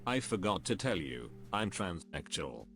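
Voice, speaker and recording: A man's synthetic text-to-speech voice reading stories aloud in an even, steady way. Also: sits low, measured pace, soft background music. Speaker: story reader.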